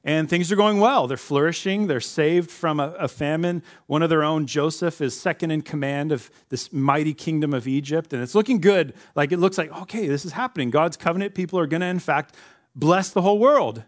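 A man's voice: fairly high pitch, fairly quick. A man preaching a sermon in a conversational way, acting out the voices of the people he quotes. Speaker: pastor.

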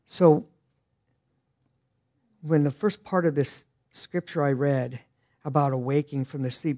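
A middle-aged male pastor preaching a sermon earnestly, swinging from loud emphasis to hushed lines. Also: on the high side, measured pace, long pauses.

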